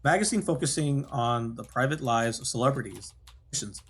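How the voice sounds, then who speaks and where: A man's voice: mid-range voice, lively intonation, a little fast, breathy edge. A man streaming himself reading a visual novel aloud, casual, stopping to comment and correct himself.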